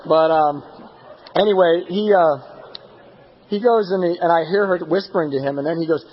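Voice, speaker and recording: A man's voice: on the high side, moderate pace, long pauses, muffled recording, a little hiss or hum. A young man speaking candidly and with self-deprecating humor as the speaker at a recovery meeting. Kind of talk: personal recovery talk. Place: meeting hall.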